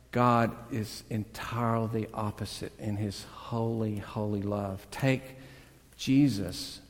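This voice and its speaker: A man preaching a sermon, earnest and conversational, swelling to loud emphatic peaks and dropping back to a hush. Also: mid-range voice, big-room sound. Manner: conversational storytelling with self-deprecating asides. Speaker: pastor.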